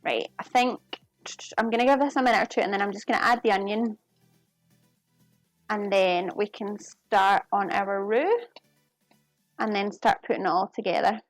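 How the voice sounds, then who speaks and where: In her home kitchen, a cooking streamer chats casually with viewers while she cooks on a live stream. Her medium-pitched voice keeps a fairly even intonation at a moderate pace, broken by long pauses. There's no echo, just faint music in the background.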